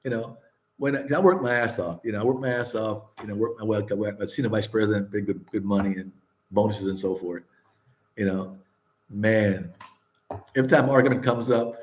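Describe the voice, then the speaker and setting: A man's voice: on the low side, fairly even intonation, brisk. An older man hosting a casual chat, talking candidly, laughing often, swearing and repeating himself. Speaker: vlog host.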